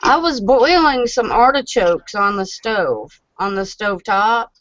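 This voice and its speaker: A woman's voice: mid-range voice, lively intonation, slow, a bit bright, no echo. A woman, telling a story in a casual chat and laughing at herself. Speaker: guest. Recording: lo-fi sound.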